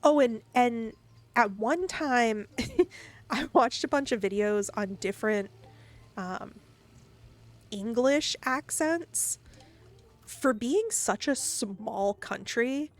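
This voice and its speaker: A woman's voice: fairly high pitch, expressive, slow, long pauses, soft background music. A woman streaming a game and chatting casually, rambling and laughing easily. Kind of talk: casual gaming stream chat.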